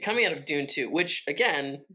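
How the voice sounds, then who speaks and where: A man's voice: on the high side, lively intonation, normal speed, bright, forceful tone. A man co-hosting a podcast, talking casually about a film with restarts and acted-out quotes. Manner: rambling restarts, acts out quoted reactions. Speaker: podcast co-host. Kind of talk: casual film review chat.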